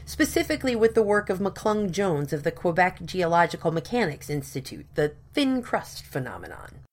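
An earnest, persistent gentleman scientist, read by a woman lays out his scheme in long, careful sentences. The voice sits fairly low and stays precise and formal throughout. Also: sing-song, moderate pace.

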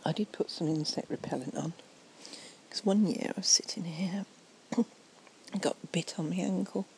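Woman whispering asmr outdoors at night, a bit tipsy, slow and musing, faint night ambience behind. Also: on the low side, creaky, slight background noise, rough recording. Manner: soft rambling whisper, musing. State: slightly tipsy. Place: outdoors at night near trees and a fountain. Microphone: portable recorder.

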